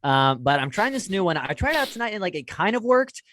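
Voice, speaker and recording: A man's voice: high voice, big pitch swings, fast, fairly bright tone, slight background noise. A young man, a comedian co-hosting a podcast, talking through his jokes casually and hesitantly with many restarts. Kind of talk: casual chat about jokes.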